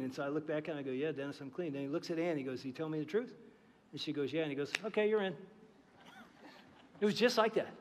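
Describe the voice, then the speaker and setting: A middle-aged man preaching a sermon as pastor, telling a story with lively energy and acting out the voices of the people in it. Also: high voice, in a large hall. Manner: animated storytelling, acting out dialogue. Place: large church auditorium.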